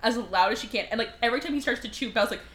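A woman's voice: racing, slight background noise. A woman chatting on a podcast, retelling a movie with lots of swearing and acted-out lines. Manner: animated, swears, acts out characters in high voices. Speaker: podcast guest. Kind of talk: casual podcast chat.

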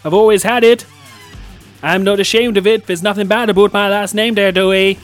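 A man's voice: high-pitched, steady tone, fairly quick, soft background music, close to an everyday voice. A man voicing a stubborn middle-aged Canadian man with a Canadian accent, folksy and defiant.

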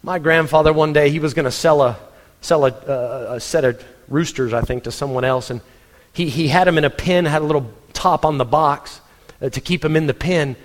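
Storytelling preacher in a reverberant church. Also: male voice, fairly high pitch, normal speed. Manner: animated storyteller, laughs at his own stories. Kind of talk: humorous sermon storytelling. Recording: long reverb in a church hall.

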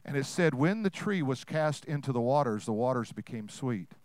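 A man preaching a sermon to a congregation, asking them questions and swinging between loud, fast bursts and hushed, slow lines. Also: mid-range voice, expressive, no echo.

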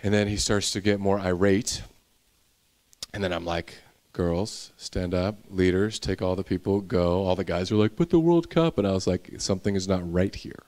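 A man's voice: low-pitched, little pitch movement, normal speed, darkish tone. A young male pastor preaching a sermon, telling a personal story and building into intense preaching.

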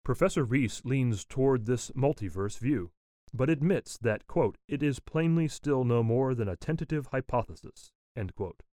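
A man reads a nonfiction text aloud at a steady, deliberate pace, speaking each citation and quote mark along the way. His voice sits at an ordinary middle pitch. The recording is close and dry, with no room sound around it. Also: no room sound. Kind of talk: reading a written article aloud.

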